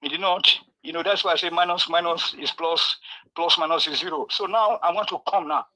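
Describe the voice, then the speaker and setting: High, bright Nigerian man calling in. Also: steady tone, brisk, rough recording. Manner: hesitant, lots of fillers, mixes in pidgin. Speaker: caller. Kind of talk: opinionated phone-in comment.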